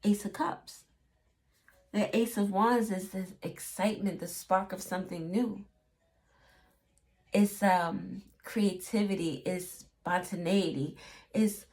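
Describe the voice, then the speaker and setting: A woman's voice: medium pitch, steady tone, slow, a little mellow. A woman giving a casual tarot reading, chatty and acting out little quotes in playful voices. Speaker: tarot reader.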